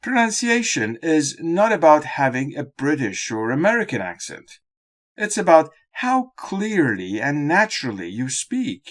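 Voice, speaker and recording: A man delivers a scripted lesson narration in a measured, instructional manner. He speaks slowly, and his pitch moves a lot from phrase to phrase. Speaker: exam-prep teacher.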